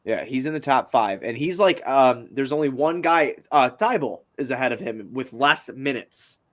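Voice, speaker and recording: Young male podcast co-host, loose and profane, middle pitch, laughs easily between points. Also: lively intonation, moderate pace, a bit bright. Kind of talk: casual sports podcast chat.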